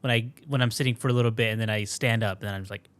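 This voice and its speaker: A man's voice: lowish voice, steady tone, rapid-fire, fairly bright tone, dry recording. A man co-hosting a podcast, talking hesitantly and rambling with lots of fillers. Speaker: podcast co-host. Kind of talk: casual chat.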